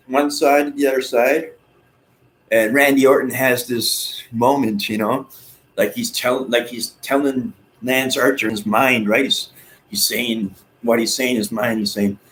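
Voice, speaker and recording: A man vlogging in a rambling, excitable monologue, with some swearing. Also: mid-range voice, measured pace, slight background noise, poor audio. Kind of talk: casual monologue.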